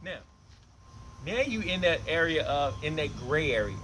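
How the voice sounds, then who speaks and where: A man teaching bass guitar, talking loosely and repeating phrases as he demonstrates tones, with bass notes played between his lines. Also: big pitch swings, moderate pace, a bit bright, poor audio. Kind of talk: casual instrument demonstration. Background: bass guitar playing between lines.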